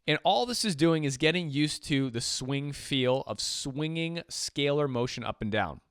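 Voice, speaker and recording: A man teaching jazz piano in a relaxed, chatty way, counting beats aloud as he plays. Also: on the high side, a little slow, clear, resonant tone, dry recording, clean studio sound. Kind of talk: casual instructional talk. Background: piano playing and metronome clicks.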